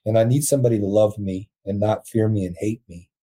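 A man guest telling a heartfelt story, his voice dark and mellow with a husky edge. He speaks earnestly, slips into laughter often, and sits a little low in pitch. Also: fast talker. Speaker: podcast guest, prison ministry founder. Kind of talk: storytelling in conversation.

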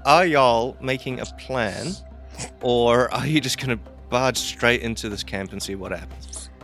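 A man with a New Zealand accent, running a tabletop game as game master with measured rulings. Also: medium pitch, gravelly, fairly bright tone, faint music behind.

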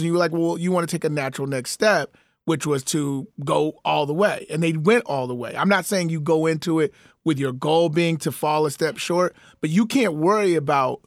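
A man co-hosting a sports talk show, arguing his point emphatically and fast in casual debate. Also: a little high, no room sound, studio quality. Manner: emphatic, argumentative, fast-talking.

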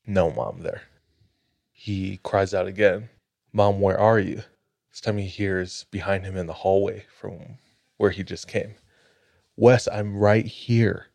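A man hosting a podcast spins a spooky tale in a measured, dramatic way. His voice sits very low and he takes his time. The recording is close and dry. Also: vocal fry, a little mellow, dry recording. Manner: measured, dramatic storytelling with light laughs. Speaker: podcast host. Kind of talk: telling a spooky story on a podcast.

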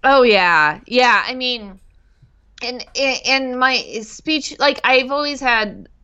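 A woman's voice: high voice, slow, pushed and bright, smooth, highs cut off. A woman who stutters, speaking in a casual interview and catching on the starts of words, with many fillers. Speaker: guest speaker on stuttering and dyslexia.

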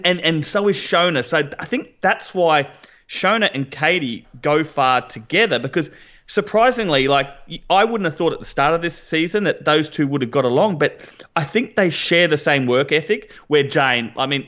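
A man co-hosting a podcast in casual chat, enthusiastic, quick, with frequent restarts. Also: a little high, lively intonation, fairly bright tone, highs cut off. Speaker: podcast co-host.

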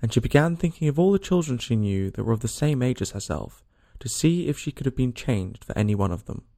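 A man reads a storybook aloud with a gravelly, mellow voice. His pitch moves in a lively way. The sound is dry and close. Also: fairly quick, no room sound. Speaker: narrator. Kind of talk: storybook reading.

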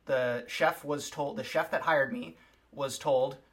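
A man's voice: medium pitch, fairly even intonation, unhurried. A man from the United States, a chef talking earnestly as a podcast guest, with many "like"s. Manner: earnest, filler-heavy with many "like"s. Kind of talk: casual chat.

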